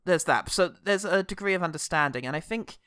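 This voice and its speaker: A man's voice: high-pitched, fairly quick, clean tone, no echo, studio quality. A man co-hosting a podcast, chatty and laughing often. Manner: chatty, laughs often, does animated impressions. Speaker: podcast co-host. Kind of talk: casual chat.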